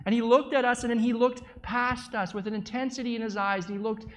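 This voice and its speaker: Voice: mid-range voice, fairly even intonation, fast talker. A preacher telling a story in the first person as an eyewitness, vivid and dramatic, with small stumbles and repeated words.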